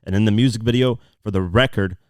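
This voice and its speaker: A podcast host with a very low voice walks through song lyrics bar by bar, stopping often for fillers as he explains. The sound is dry and close, with little room around it. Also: quick pace, no room sound. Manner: breaks down lyrics line by line, frequent fillers. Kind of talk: casual podcast commentary.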